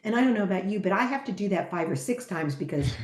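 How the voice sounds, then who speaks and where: A middle-aged woman teaching on a podcast, an animated storyteller who acts out the voices she quotes. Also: medium pitch, fast. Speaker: podcast guest, teacher and trainer. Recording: echoey room.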